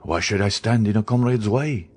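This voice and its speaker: A man's voice: lowish voice, normal speed, darkish tone, close to an everyday voice. A man voicing a cowering ex-convict. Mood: pleading. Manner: pleading, evasive. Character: frightened former male galley convict, cowardly and sly.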